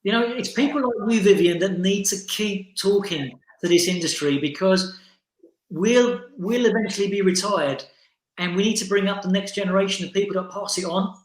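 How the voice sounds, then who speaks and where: A man's voice: sits high, moderate pace. A man guest speaking bluntly and frankly over a video call, rallying his listeners in a motivational interview. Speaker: salon owner and educator, interview guest. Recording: roomy echo.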